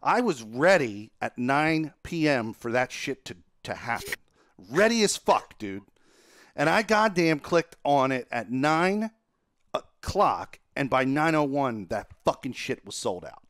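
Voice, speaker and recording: A man's voice: unhurried, no room sound, clean studio sound. A young man hosting a gaming podcast, telling a frustrating story with lots of swearing, his voice shooting up when he gets worked up. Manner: profane, animated storytelling, voice jumps high when exasperated. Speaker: podcast host. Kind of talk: casual chat.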